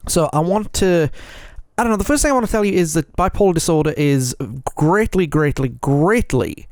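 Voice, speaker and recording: A man's voice: fairly high pitch, lively intonation, moderate pace, darkish tone, dry recording, studio quality. Earnest, rambling male podcast host. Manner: rambling, repeats himself, keeps checking in with "okay?"; frank and earnest. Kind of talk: solo confessional podcast monologue.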